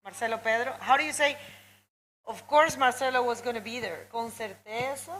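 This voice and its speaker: A woman's voice: a little high, normal speed, poor audio. A woman doing live bodyboarding commentary, chatting and greeting viewers. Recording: loud crowd behind.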